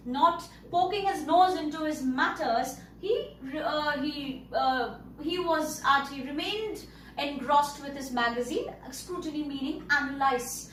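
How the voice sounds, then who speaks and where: A woman's voice: sits high, fairly bright tone, far from the mic, a little hiss or hum. A woman teacher explaining a story to pupils, repeating and rephrasing words as she goes. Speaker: English teacher. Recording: echoey room, voice a bit off-mic.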